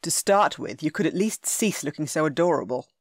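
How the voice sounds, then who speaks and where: A woman voicing a stern, grouchy young gentleman duke in an audiobook, speaking low and firm. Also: expressive, brisk, dry recording, studio quality. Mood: gruff.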